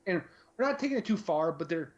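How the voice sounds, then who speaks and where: A man co-hosting a casual live chat, rambling and restarting his sentences. His voice sits fairly high and swings around a lot in pitch, heard through dull, lo-fi stream audio. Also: big pitch swings, quick pace. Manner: rambling, conversational, lots of fillers. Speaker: podcast co-host.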